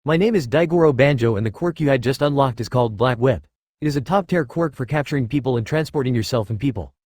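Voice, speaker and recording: Guy reading as a confident spirit of an old hero, explaining fast, dry sound. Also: medium pitch, darkish tone, no echo, close to an everyday voice.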